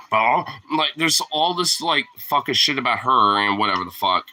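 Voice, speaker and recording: A man's voice: mid-range voice, animated, a little fast, hardly any pauses, sharp tone, rough recording. A man ranting casually as a vlogger, rambling and profane, often laughing at his own points. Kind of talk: casual rant to camera.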